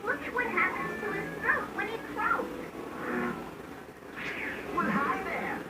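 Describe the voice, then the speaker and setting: A woman's voice: extremely high pitch, sing-song, slow pace, reverberant, far from the mic, over loud music, exaggerated voice. A woman voicing a cheerful female cartoon animal who loves nature, talking in a bubbly, sing-song way. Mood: friendly. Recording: TV audio caught from across a noisy room.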